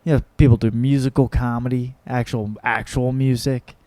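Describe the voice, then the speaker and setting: Rambling, profane man with a mellow voice. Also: mid-range voice, level tone, moderate pace. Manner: rambling, profane, self-mocking. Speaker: podcast host and comedian. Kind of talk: casual solo podcast chat.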